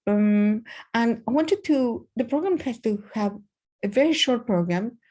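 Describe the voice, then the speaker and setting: A woman's voice: on the high side, lively intonation, measured pace, darkish tone. A woman with an Argentinian accent teaching a casual programming lesson, thinking aloud with many fillers. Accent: Argentinian Spanish. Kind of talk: casual screen-share coding lesson.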